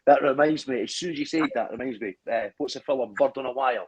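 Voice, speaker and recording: A Scottish man co-hosting a livestream over a phone, telling animated stories and laughing often. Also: mid-range voice, fast, slightly rough, rough recording. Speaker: livestream co-host. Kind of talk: casual chat.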